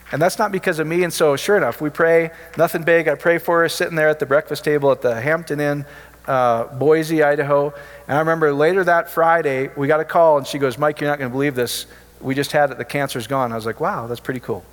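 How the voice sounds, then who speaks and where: A man gives an informal sermon, trading stories of prayer with joking asides in a relaxed, conversational way. His voice sits a little high for a man. A long reverb trails behind him, as in a big hall. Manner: chatty storytelling, jokey asides. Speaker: preacher.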